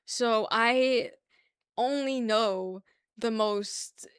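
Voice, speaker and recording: A young woman with a New York accent chats with her viewers in a slightly high voice. She teases and argues playfully and laughs often. The sound is dry and close. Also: drawn-out words, clear, resonant tone, no echo. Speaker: streamer. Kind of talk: casual chat with viewers.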